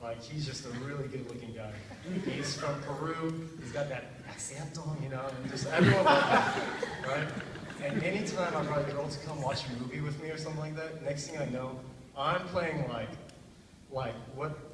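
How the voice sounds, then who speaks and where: A young man tells a rambling stand-up story, laughing at his own jokes. His voice sits a little high. He is heard from far away in a big hall with a long echo and plenty of background noise. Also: normal speed. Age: young adult. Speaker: stand-up comedian. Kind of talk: stand-up comedy. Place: hall at a talent show.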